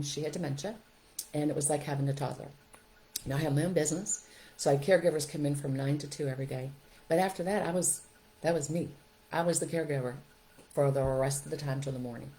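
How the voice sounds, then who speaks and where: A middle-aged woman hosts a parenting podcast and talks listeners through their guilt. Her voice sits low and mellow, and her manner is upbeat and coaching. She keeps checking in with "right?" and "okay?". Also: steady tone, fast, low-quality recording. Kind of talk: encouraging advice talk.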